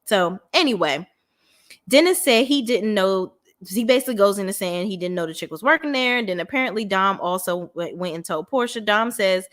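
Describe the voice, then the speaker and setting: A woman's voice: mid-range voice, lively intonation, a little fast, fairly bright tone. A woman recapping a reality show on her vlog, blunt and opinionated, swearing freely and acting out what people said. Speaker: reality TV reviewer.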